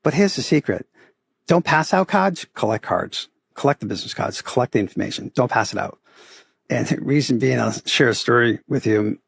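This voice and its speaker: A middle-aged man with a Boston accent, his voice gravelly and a little husky. He tells his stories animatedly, acting out the people in them, and the sound is close and dry. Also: medium pitch, brisk, dry recording. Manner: animated storyteller, acts out quoted voices, often adds "right?". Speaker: podcast guest, photography business owner. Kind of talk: casual interview storytelling.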